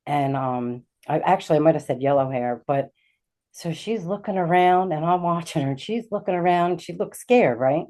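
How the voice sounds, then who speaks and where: A middle-aged woman tells a personal story in a low, mellow voice. She speaks haltingly, pausing on fillers and restarting her sentences. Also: lively intonation. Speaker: guest, intuitive healer.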